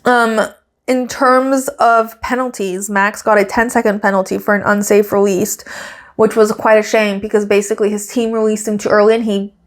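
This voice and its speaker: A woman's voice: medium pitch, level tone, moderate pace. A woman hosting her podcast, recapping a race weekend in casual, giggly chat and acting out quotes in raised voices. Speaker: podcast host.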